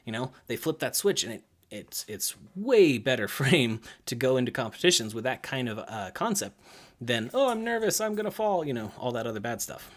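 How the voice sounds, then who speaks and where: Lively man coaching young gymnasts. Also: moderate pace. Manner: lively, acts out kids' lines in higher voices, many fillers. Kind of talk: casual coaching talk to camera.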